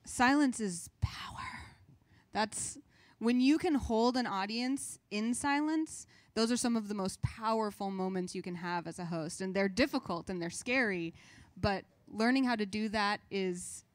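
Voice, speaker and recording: A woman's voice: mid-range voice, moderate pace, no room sound. Emphatic woman host giving advice. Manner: expressive, emphatic, animated storytelling. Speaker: host and reporter. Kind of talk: instructional talk.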